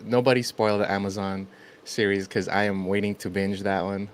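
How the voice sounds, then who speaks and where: A man chatting on a live stream in a relaxed way, hesitating with many fillers. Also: lowish voice, fairly quick, background noise. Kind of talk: casual group chat on a live stream.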